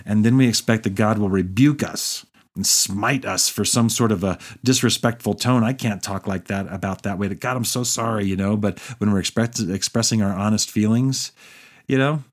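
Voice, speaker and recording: Low-voiced man preaching conversationally. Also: normal speed. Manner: conversational preaching, acts out quoted prayers. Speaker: pastor. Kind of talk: sermon.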